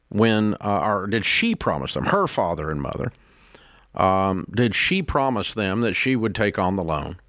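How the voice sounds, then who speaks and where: A man, hosting a call-in advice show, blunt and emphatic, his pitch climbing as he rants. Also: a bit bright, no echo, clean studio sound. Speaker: radio show host.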